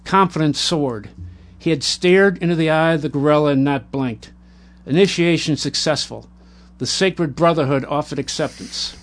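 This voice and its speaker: A man reading a war memoir aloud in a measured, plain way, now and then stumbling and correcting himself. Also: fairly high pitch. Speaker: narrator.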